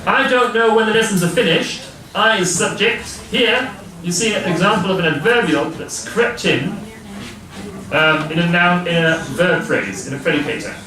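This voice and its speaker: Guy lecturing a class, kinda high voice, far off in a big echoey room. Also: expressive, normal speed. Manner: explaining step by step, asking the class questions. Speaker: university lecturer. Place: lecture hall. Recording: distant voice in a noisy, echoey lecture hall.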